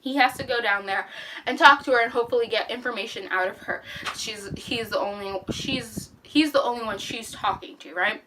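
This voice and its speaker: A woman's voice: a little high, fairly quick, sharp tone. Exasperated young woman ranting about a book. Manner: exasperated, rambling, heavy use of "like". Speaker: book reviewer. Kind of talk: casual chat. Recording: slightly distant mic with faint hiss.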